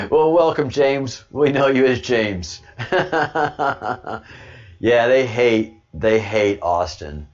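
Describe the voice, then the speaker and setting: Male livestream host, unhurried and low, rambling with stammers, dull lo-fi sound. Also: expressive. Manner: rambling, stammers and repeats words, chuckles often. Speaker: livestream host reading chat. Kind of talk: casual livestream chat.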